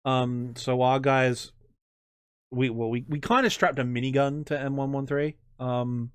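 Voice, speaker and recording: Joking Australian man, crisp dry voice. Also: medium pitch, no room sound. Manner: joking, self-deprecating, halting restarts. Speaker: history channel host. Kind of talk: casual interview chat.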